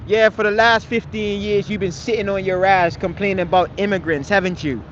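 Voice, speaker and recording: Pitched high and delivered briskly, the man's fairly even, slightly bright voice comes through with the highs cut off and a bit of hiss or hum. He's on a live stream fighting with his chat, scolding, swearing frequently, repeating phrases and tagging lines with "man."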